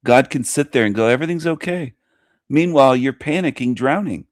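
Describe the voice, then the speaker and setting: A man's voice: mid-range voice, fairly quick, dry recording, clean studio sound. A man hosting his own show, commenting on a video he plays, scornful and mocking as he rants. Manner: scornful, mocking, animated ranting. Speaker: host.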